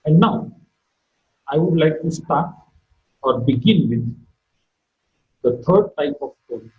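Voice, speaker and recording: A man gives a recorded online phonetics lecture, talking deliberately and repeating key terms as he explains each point. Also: on the high side, animated. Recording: echoey room, dull lo-fi sound.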